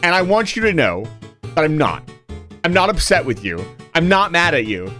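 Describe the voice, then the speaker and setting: A young man talks to his live-stream chat, acting angry as a joke and then reassuring everyone. His voice sits a little high and jumps around in lively swings. Faint music plays quietly behind him. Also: moderate pace. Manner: mock-angry joking that turns earnest.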